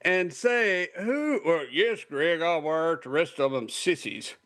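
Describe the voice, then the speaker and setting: A man's voice: fairly high pitch, expressive, fairly bright tone, smooth, no room sound. A man co-hosting a studio radio show, refusing things playfully and bantering. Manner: playful, emphatic refusals, slow delivery. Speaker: radio co-host.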